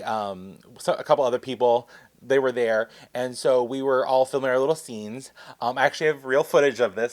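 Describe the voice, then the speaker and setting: A man vlogging a story time in a chatty, excitable, rambling way. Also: mid-range voice.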